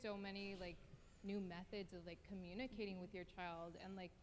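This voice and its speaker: Young mom, calm and explanatory, with faint ambient noise behind her. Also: mid-range voice, moderate pace. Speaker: young mother in a video. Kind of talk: interview-style discussion.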